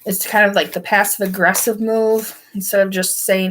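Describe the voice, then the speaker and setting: A woman's voice: mid-range voice, flat delivery, moderate pace, fairly bright tone, slight background noise. A woman giving a casual tarot reading to camera from her bed, rambling with lots of filler words. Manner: rambling, filler-heavy with frequent "like". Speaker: tarot card reader. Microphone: camera in front of her.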